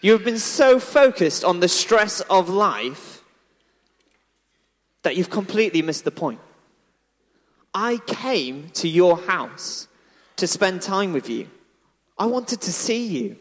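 A man voicing a calm, gentle male teacher who speaks softly, slowly and patiently. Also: high-pitched, exaggerated voice. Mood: tender. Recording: echoey hall.

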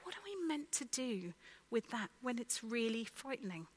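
A woman's voice: a little high, normal speed, husky, poor audio. A woman preaching a conversational sermon and asking the congregation direct questions. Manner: conversational, lively, asks the listeners direct questions.

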